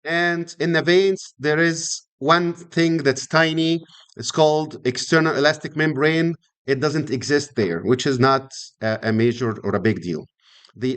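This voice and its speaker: A man's voice: mid-range voice, fairly bright tone. A middle-aged man lecturing on anatomy, repeating key terms and asking students frequent questions. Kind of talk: classroom lecture.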